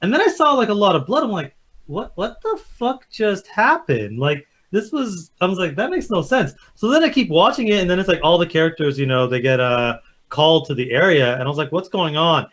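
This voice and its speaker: A man co-hosting a casual chat who tells events in a rush, slipping in quick impressions of characters. His pitch swings widely and his voice sits a little high. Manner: animated storyteller, acts out quotes. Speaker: podcast co-host.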